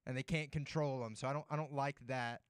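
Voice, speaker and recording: A man's voice: mid-range voice, fairly even intonation, fairly quick, clear, resonant tone, no echo, studio quality. A man co-hosting a sports talk show, telling rambling stories in casual chat and filling his talk with "like". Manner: rambling storyteller, heavy use of "like".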